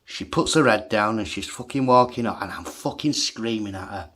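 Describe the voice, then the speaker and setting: This is a man, speaking at an ordinary middle pitch. He tells the story as a heated monologue for his channel, swearing freely. He breaks into amused laughter at his own outburst. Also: expressive, moderate pace, a bit bright. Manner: agitated, swears heavily, laughs at himself. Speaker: vlogger.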